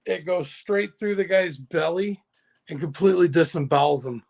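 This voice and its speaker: A man plays a tabletop role-playing game, gleefully describing his attacks. His voice sits high and has a gravelly fry. He speaks in a casual way with the group. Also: normal speed, a little mellow. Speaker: player.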